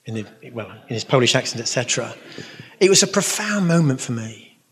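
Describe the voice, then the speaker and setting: A man of middle pitch talks through his stories in an earnest, meandering way, often breaking off into asides. His voice echoes with a long tail, as in a large hall. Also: big pitch swings, a little fast. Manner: earnest, rambling storyteller with asides. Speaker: Catholic speaker and musician answering questions. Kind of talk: storytelling talk with audience Q&A. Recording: reverberant hall.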